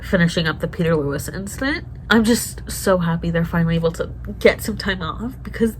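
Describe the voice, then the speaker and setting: A woman's voice: on the low side, expressive, a little fast, a little hiss or hum, poor audio. A woman vlogger reacting to a TV show in casual chat, emotional and swearing often as she talks to herself.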